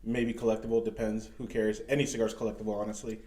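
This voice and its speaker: A man's voice: lowish voice, little pitch movement, fast, warm tone. A man co-hosting a podcast, telling stories in loose, profane, laughing chat. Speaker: podcast co-host. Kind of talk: casual chat. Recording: echoey room with faint noise.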